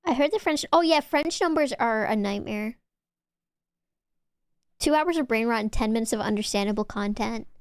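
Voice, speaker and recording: A woman's voice: on the high side, smooth, dry recording. A young woman streaming, chatting casually with her viewers in a giggly, teasing, rambling way.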